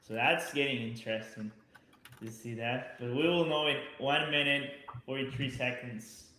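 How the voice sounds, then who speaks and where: A man's voice: mid-range voice, steady tone, normal speed, pushed and bright, a little hiss or hum. A man explaining trading ideas earnestly in casual live-stream chat. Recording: very echoey room.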